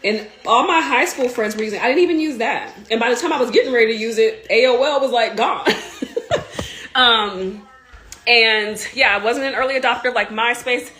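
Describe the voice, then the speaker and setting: A woman in her thirties, a marketing coach, chatting casually and excitedly on a live video, rambling with lots of "like" while sounding a bit congested. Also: a little high, normal speed, slight background noise. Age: 30s.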